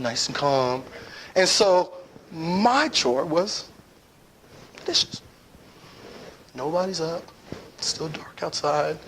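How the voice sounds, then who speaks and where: A young man telling a personal story to an audience in a playful, animated way, acting out his own lines and often checking in with "right?". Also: medium pitch, a little hiss or hum, rough recording. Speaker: speaker telling a personal lesson.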